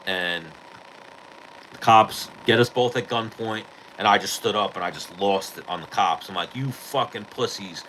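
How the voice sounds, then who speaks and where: A man hosting a podcast, casually retelling a street fight in a profane, animated way. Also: low voice, normal speed, slight background noise, low-quality recording. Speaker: podcast host. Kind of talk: casual storytelling.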